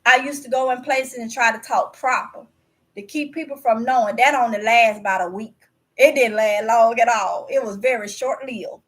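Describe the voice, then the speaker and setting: A woman with a Mississippi Southern accent talks straight to her viewers in a high, bright-pitched voice. She is chatty and candid, telling stories in a folksy home dialect. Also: steady tone, moderate pace. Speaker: vlogger. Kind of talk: casual storytelling to camera.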